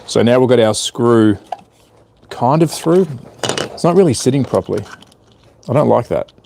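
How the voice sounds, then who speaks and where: A man's voice: medium pitch, animated, moderate pace, creaky, mellow, a little hiss or hum. Man, hobby streamer, casual self-mocking work commentary. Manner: chatty, self-deprecating, mutters to himself while working. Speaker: hobby livestreamer. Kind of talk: casual live-stream commentary while tinkering.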